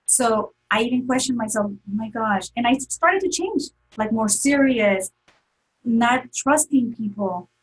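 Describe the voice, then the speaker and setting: A woman's voice: on the high side, animated, measured pace, breathy edge, rough recording. A woman telling an emotional personal story as an interview guest, earnest, with many fillers and restarts.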